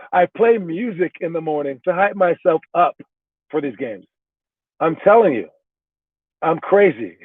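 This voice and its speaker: A man talks in a loose motivational ramble, stumbling over and repeating words as he pushes his point. His voice sits a little high for a man. The sound is thin and phone-like, with no room echo at all. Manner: rambling, repeats and restarts words, pep-talk tone. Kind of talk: casual motivational talk. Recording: tinny phone-like sound, dry.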